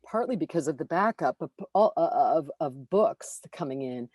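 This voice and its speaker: Woman, low mellow voice, animated casual chat, many restarts. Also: normal speed, no room sound. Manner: animated, self-deprecating, frequent fillers and restarts. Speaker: audiobook narrator.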